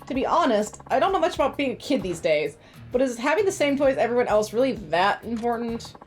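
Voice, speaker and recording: A woman reading the lines of a kind grown man in a calm, dry manner, a little lower than her own voice. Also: brisk, soft background music.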